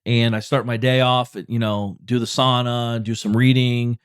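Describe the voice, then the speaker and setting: A man in his forties talks straight into a close podcast microphone, cursing freely and circling back on himself with restarts. His voice sits at an ordinary middle pitch. The sound is dry, with no room around it. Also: level tone, moderate pace, clear, resonant tone, dry recording. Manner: blunt and profane, talking straight and motivational; loose, rambling delivery with restarts and "like", "you know". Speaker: podcast host. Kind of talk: solo podcast monologue.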